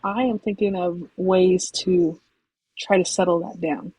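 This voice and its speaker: A woman basketball coach talking in a soft-spoken, reserved way about her team in a casual conversation. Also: on the low side, fairly even intonation, unhurried, breathy edge, poor audio.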